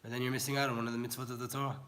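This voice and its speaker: A man's voice: mid-range voice, flat delivery, very fast, fairly bright tone. A young man giving an informal Torah class, earnest and pleading, mixing in words. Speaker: Torah teacher.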